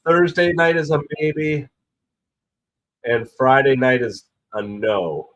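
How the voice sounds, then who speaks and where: Hoarse man calling a game casually. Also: slow pace, muffled recording. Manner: rambling, excitable about pitches. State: hoarse from a cold, stuffy nose. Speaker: live stream host. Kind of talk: casual play-by-play chat.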